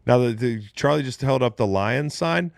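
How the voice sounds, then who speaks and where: A man in relaxed sports banter, tossing off wisecracks and drawling asides. His voice sits at an everyday middle pitch. The recording is dry and close. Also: moderate pace, vocal fry, dry recording. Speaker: sports talk host. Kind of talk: casual sports chat.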